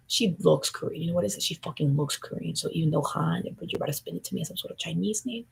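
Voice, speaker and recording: A woman with a low, heavily gravelly and raspy voice rambles through a conspiratorial stream commentary. She lurches between hushed asides and loud outbursts as one thought tumbles into the next. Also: rough recording.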